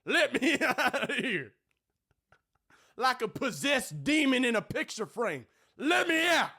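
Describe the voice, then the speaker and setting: A man playing a crude, perverted male Southern radio host with a put-on Southern drawl, preaching in drawn-out lines that keep ending in "okay?". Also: very high-pitched, sing-song, bright, forceful tone, breathy edge, voice pushed up, heavily acted. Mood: leering.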